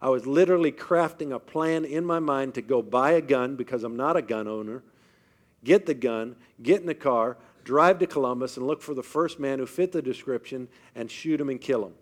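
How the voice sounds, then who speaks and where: A man gives a faith-based motivational talk to a live audience, with a medium-pitched voice. He speaks emphatically, often asks the room questions, and builds his points slowly and deliberately.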